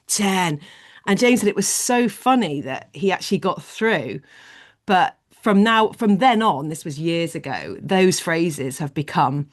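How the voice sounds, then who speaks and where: A woman leading an online leadership training session, explaining ideas in an animated way on a video call. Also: fairly low pitch, unhurried.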